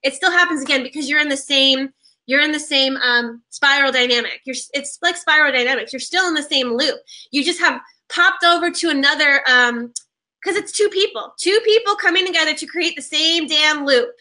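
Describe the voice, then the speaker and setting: A woman hosting a casual spiritual conversation, animated, often restarting her sentences. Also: sits high, brisk. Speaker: podcast host.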